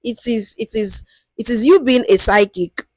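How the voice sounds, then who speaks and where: A woman with a Nigerian accent teaches in a lively, chatty way, often asking whether listeners follow. Her voice sits fairly high, and the sound is dry and close. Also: normal speed, husky, dry recording. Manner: lively, conversational, keeps asking "do you understand?"; acts out interview lines in a higher, sweeter voice. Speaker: product management teacher. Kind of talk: casual explanatory talk.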